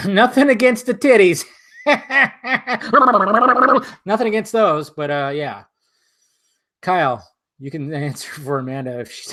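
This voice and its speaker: A man's voice: on the high side, sharp tone. A young man in a casual live stream who answers chat in a loose, profane way and laughs often, at home in front of a green screen.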